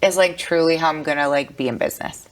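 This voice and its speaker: A woman's voice: sits low, fast talker. Chatty young woman, lots of "like". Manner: chatty, peppered with "like". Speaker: fashion brand founder, guest. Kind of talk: casual interview chat.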